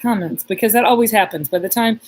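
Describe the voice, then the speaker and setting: A woman's voice: mid-range voice, fast, a little hiss or hum, low-quality recording. A woman psychic medium telling a story in a casual live stream, rambling with many restarts and reading viewer comments aloud.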